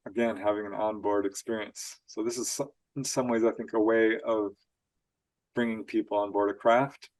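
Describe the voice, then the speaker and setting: A man guest on an interview show, telling strange stories in an animated way, laughing often and acting out quotes. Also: lowish voice, moderate pace. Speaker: author guest. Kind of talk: storytelling interview.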